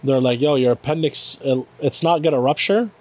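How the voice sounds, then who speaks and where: A man's voice: medium pitch, fairly quick, darkish tone. A man in casual chat, telling a story with lots of swearing and acted-out quotes.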